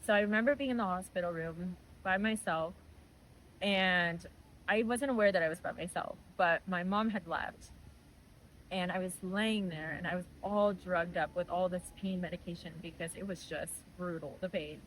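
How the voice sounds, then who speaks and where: A woman's voice: fairly low pitch, moderate pace, a little hiss or hum, low-quality recording. A young woman giving a personal faith testimony in a conversational, earnest way. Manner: earnest, animated retelling with voiced quotes.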